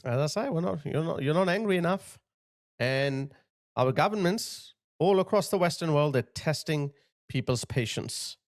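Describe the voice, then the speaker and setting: A man's voice: on the high side, animated, moderate pace. Indignant man commenting over clips. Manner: indignant, repeats "look at this". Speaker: channel host.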